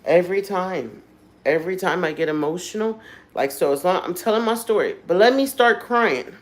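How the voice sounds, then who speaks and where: A woman's voice: on the low side, moderate pace, low-quality recording. A woman hosting a livestream, talking candidly and emotionally straight to her viewers in a casual way. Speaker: livestream host.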